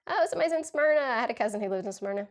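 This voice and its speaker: A woman's voice: a little high, expressive, rapid-fire. A woman in her forties with a Southern Tennessee accent and a cold, chatting gushingly as a crafting livestream host and reading out viewer comments. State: has a cold. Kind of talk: casual livestream chat while demonstrating card making.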